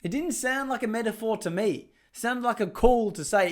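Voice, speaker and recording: A man's voice: high voice, moderate pace, few pauses. An Australian man hosting a commentary video, talking casually and mockingly over clips. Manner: mocking, sarcastic, laughs at clips. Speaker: political commentary host.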